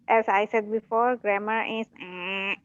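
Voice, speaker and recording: Animated Indonesian woman, dull dry recording. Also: mid-range voice, measured pace, smooth, dry recording. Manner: animated, mixes English and Indonesian, laughs often. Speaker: English teacher co-host. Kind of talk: casual bilingual chat.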